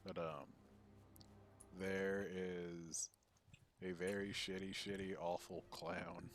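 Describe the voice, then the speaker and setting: A man's voice: low-pitched, level tone, takes it slowly, slight background noise. A man chatting casually with friends during a game stream, rambling, cursing and laughing as he tells stories. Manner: profane, laughing, rambling storyteller. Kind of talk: casual chat while gaming.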